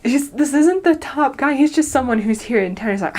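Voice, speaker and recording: A woman's voice: high-pitched, animated, brisk, a little mellow. A young woman recounts her missionary days in a casual, storytelling way. She laughs often and lifts her voice to act out the people she quotes. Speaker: returned missionary. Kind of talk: personal storytelling.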